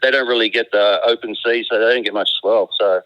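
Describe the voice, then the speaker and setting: A man's voice: fairly low pitch, steady tone, fairly quick, no room sound. An Australian man calling in as a guest, chatting casually and rambling with restarts and slang over a phone line. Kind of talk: casual chat.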